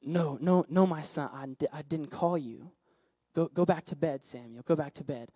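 A man voicing a sleepy old male priest who stammers slowly and wearily while telling a sermon story. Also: a little high, dark tone, husky, dry recording, pitched below the performer's own voice. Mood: weary. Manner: slow, drowsy, stammering.

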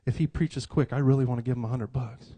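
A man's voice: mid-range voice, fairly even intonation, fast talker, mellow, slightly rough. A man preaching an interactive church sermon, joking around and calling on the congregation to repeat lines back to him. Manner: joking, self-described cut-up, calls for congregation responses.

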